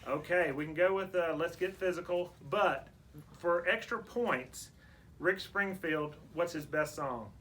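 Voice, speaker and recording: A man's voice: a little high, measured pace, a bit bright, slight background noise. A man with a Southern US accent hosting a casual radio interview, folksy and playful with his guest. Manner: folksy, plays quiz games with guest. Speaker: radio show host.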